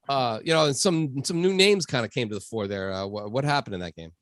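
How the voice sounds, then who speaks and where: Lively man hosting a sports podcast. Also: a little fast, no room sound. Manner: lively, emphatic, shifts between loud and low. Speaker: podcast host. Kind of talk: casual sports podcast chat.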